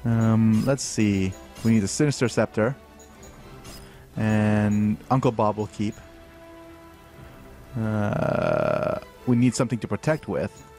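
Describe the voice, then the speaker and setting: A man hosting a game livestream, commentating as he plays, prone to excitable high-pitched outbursts and thinking aloud with many fillers. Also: takes it slowly, long pauses, soft background music. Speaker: livestream host playing a game. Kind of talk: live gameplay commentary.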